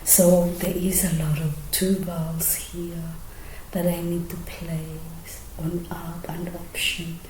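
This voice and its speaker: A woman explaining her singing technique in a soft, often half-whispered, hesitant way with many fillers. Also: on the low side, level tone, slow pace, a little hiss or hum. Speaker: singing teacher. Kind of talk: casual singing tutorial. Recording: roomy echo.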